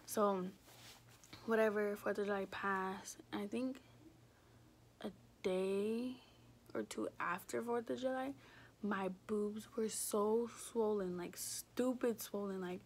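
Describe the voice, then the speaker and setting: Gravelly young woman rambling casually. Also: mid-range voice, fairly even intonation, takes it slowly, slight background noise. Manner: rambling, says "like" constantly, swears casually. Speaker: vlogger. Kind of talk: casual storytelling.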